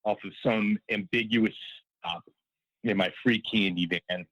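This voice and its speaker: A man with a somewhat low voice tells a story over a call, rambling and stacking up "like" and quoted lines. The sound is dry, with little room around it. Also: steady tone, measured pace, no echo, highs cut off. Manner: rambling, full of fillers and quoted dialogue. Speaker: caller. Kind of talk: casual storytelling on a call-in show.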